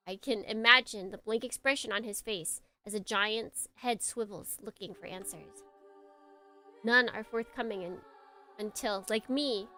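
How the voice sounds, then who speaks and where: A woman streamer playing a visual novel, laughing at the story and reading its narration aloud in a hushed, dramatic tone. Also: mid-range voice. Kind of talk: let's play commentary and dramatic reading.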